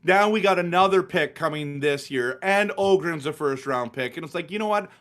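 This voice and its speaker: A man's voice: fairly high pitch, moderate pace, fairly bright tone. A middle-aged man, ranting passionately about hockey in a casual sports chat. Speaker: hockey show host.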